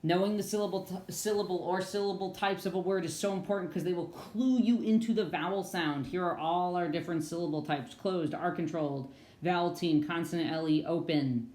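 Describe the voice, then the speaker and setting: A woman with a low voice leads a virtual phonics lesson for young children. She talks patiently and encouragingly and slows down on key words. The room around her echoes noticeably. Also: a little mellow. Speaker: teacher.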